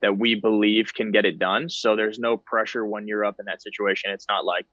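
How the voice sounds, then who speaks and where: A man's voice: on the low side, flat delivery, fairly quick, fairly bright tone, no room sound, dull audio. A man in his thirties, a guest on a podcast, talking in an easygoing, self-deprecating way. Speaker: guest ballplayer. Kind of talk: casual interview chat.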